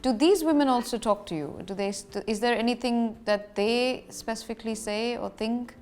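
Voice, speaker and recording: A woman's voice: on the high side, moderate pace, darkish tone. A woman spinal surgeon hosting an interview over a video call, friendly and a little hesitant, with many fillers.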